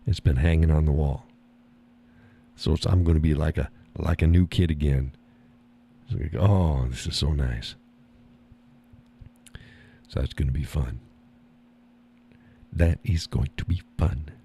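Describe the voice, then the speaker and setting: A man's voice: rumbling low, measured pace, long pauses, mellow, breathy edge. A man hosting a live stream, chatting casually and reading the chat, folksy and easygoing, often repeating his own phrases.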